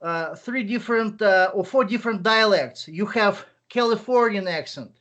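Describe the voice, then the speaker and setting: A man from Russia speaking English with a Russian accent, giving advice in an online interview, halting often with fillers and restarts. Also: sits high, a bit bright, dull audio. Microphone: video call.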